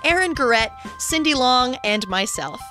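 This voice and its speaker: A woman's voice: high voice, expressive, normal speed. Upbeat woman hosting, music underneath. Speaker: podcast co-host. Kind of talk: casual podcast chat and outro.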